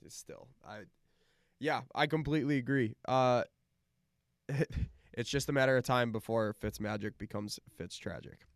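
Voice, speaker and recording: A man's voice: medium pitch, unhurried, no echo, studio quality. A man co-hosting a casual sports podcast, agreeable and rambling, often restarting his sentences.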